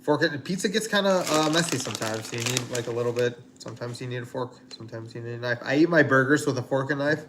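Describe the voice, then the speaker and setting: A man with an ordinary-pitched voice cooks and chats on a livestream, talking quickly with few pauses. His rambling, chatty talk is packed with fillers and asides. The home kitchen recording has clear background noise and the crinkle of packaging.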